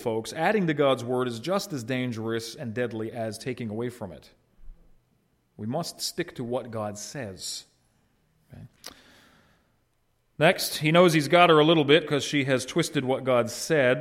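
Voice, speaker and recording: A man's voice: mid-range voice, moderate pace. A man preaching a sermon as pastor, in a conversational way, putting questions to his congregation and answering them himself.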